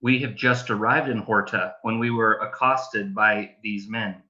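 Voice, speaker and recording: Slow, stumbling man with a bright voice. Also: fairly low pitch, fairly even intonation, lo-fi sound. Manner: hesitant, stumbling restarts. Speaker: player. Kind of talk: casual tabletop role-play.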